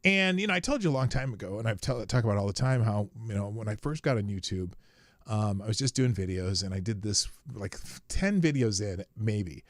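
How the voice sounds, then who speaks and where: Rambling, animated male livestream host. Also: lowish voice, a little fast, dry recording, studio quality. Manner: rambling, frequent restarts, bursts of shouting. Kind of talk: casual solo livestream talk. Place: small home studio.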